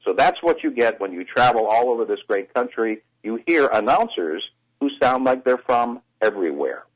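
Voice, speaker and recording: A man who coaches voices, explaining things in a lively, teacherly way as a guest on a radio talk show, heard over a phone line. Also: mid-range voice, normal speed.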